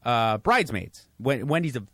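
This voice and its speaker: A middle-aged man chatting as a podcast guest, telling stories in a halting, self-deprecating way with many restarts. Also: medium pitch, big pitch swings, fairly bright tone, husky, no echo. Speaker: guest, radio host. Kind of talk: casual podcast chat. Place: studio.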